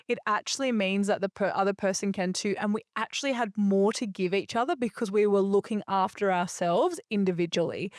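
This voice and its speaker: A young adult woman talks through her solo podcast in a loose, reflective way, circling back with fillers and restarts. Her voice sits at an ordinary middle pitch. The sound is dry and close, with no room around it. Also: no echo. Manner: rambling, reflective, frequent fillers and self-corrections. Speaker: podcast host. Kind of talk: casual solo podcast talk.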